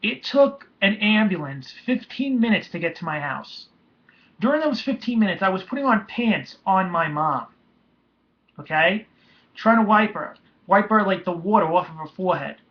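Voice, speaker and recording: A young man telling a painful personal story in a halting, emotional way, with many restarts. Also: high-pitched, animated. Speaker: vlogger. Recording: dull lo-fi home recording.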